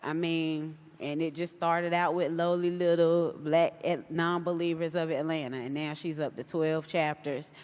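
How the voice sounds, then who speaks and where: Woman guest speaker, casual and animated, lots of acted-out quotes, live in a large reverberant hall. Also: low voice, unhurried, few pauses. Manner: chatty and animated, acts out quoted voices. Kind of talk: casual talk to a live audience.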